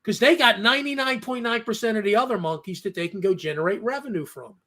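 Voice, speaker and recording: A man's voice: sits high, fast, bright, forceful tone. A man hosting a casual talk discussion, emphatic and insistent, often tagging his points with "okay?" and acting out the people he quotes. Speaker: host.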